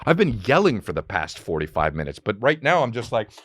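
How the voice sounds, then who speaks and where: A man's voice: fairly low pitch, sing-song, fairly quick, a bit bright, dry recording, studio quality. A man hosting a podcast alone at home, talking in a loose, profane, rambling comedic monologue that jumps from topic to topic. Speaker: podcast host. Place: home room with a fan running.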